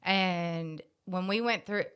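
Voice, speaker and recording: Bright, emphatic woman guest. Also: on the low side, slow, clear, resonant tone. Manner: bold, emphatic testifying. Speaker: podcast guest. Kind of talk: testimony in casual chat.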